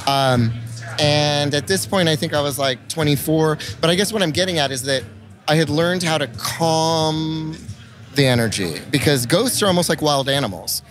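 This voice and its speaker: A man, a musician guest, telling stories at a trade-show podcast in an expressive, profane way, acting out the quoted lines. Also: on the high side, moderate pace, soft background music. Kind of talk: animated anecdote-telling in an interview.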